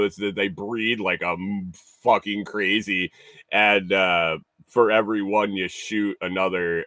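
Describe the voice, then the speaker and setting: Male livestream host, lowish voice, loose and profane, laughs a lot, dry close-mic sound. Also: a bit bright, no room sound. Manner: profane, laughs often, rambling with restarts. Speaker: livestream morning show host. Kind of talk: casual chat reading viewer comments.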